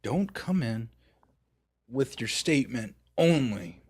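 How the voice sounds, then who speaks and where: A young man co-hosting a casual podcast chat, swearing freely and breaking into loud mock outbursts. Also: mid-range voice, slow pace, slightly rough. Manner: animated, profane, bursts into loud mock outbursts. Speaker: podcast co-host.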